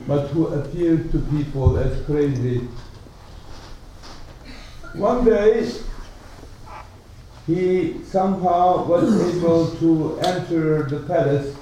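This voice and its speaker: A man preaching a sermon, telling a story in a slow, emphatic, deliberate way. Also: on the high side, warm tone, slight background noise. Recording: echoey hall from far off.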